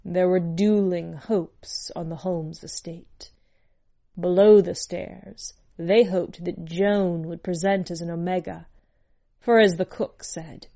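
A woman narrating a story aloud in an unhurried, measured storytelling manner. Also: lowish voice, creaky, mellow, muffled recording.

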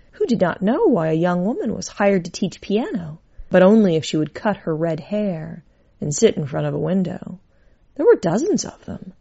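A woman reading a story aloud in a measured, wry storytelling manner. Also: fairly low pitch, creaky, a little mellow. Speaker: narrator. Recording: dull lo-fi recording.

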